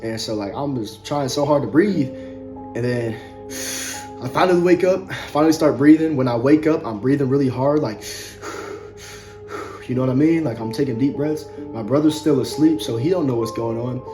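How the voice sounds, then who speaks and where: A young man tells a personal story straight to his viewers, casual and rambling, stumbling over and repeating his words. His voice sits in a middle pitch. Music plays clearly underneath him. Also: brisk. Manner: loose, conversational, many fillers and repeats. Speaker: vlogger.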